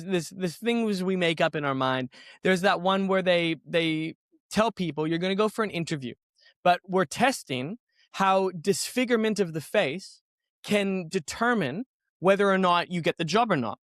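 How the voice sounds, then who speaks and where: Male podcast guest, high-pitched, reflective talker; dry close-mic sound. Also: moderate pace, fairly bright tone, no echo. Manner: reflective, thinking aloud with restarts. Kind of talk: casual conversation.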